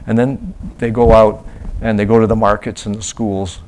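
Halting man giving a church talk. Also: lowish voice, level tone, a little hiss or hum. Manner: halting, restarts, acts out quoted voices loudly. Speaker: missionary presenting to a church. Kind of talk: casual slide-show talk.

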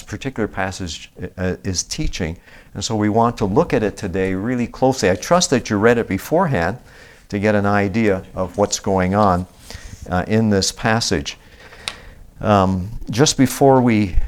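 A man, an elder of a small church, preaching a sermon, reading scripture slowly and with emphasis, then explaining it in plain talk with fillers and restarts. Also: fairly low pitch. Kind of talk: expository sermon.

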